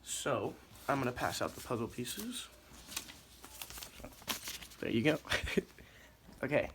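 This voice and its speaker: A man's voice: mid-range voice, sing-song, takes it slowly, gravelly, noisy background. Man reading a picture book to a class. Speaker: teacher.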